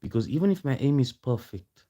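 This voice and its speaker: A man's voice: mid-range voice, lively intonation, a little fast, dark tone. A man delivering a heated, confrontational rant to camera, firing off challenging rhetorical questions. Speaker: vlogger.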